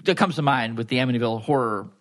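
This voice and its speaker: A man's voice: medium pitch, very fast, a bit bright. A man with a Long Island accent, co-hosting a podcast, easygoing and self-deprecating, often restarting his sentences. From Long Island, New York. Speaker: podcast co-host, resident historian. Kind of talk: casual podcast chat.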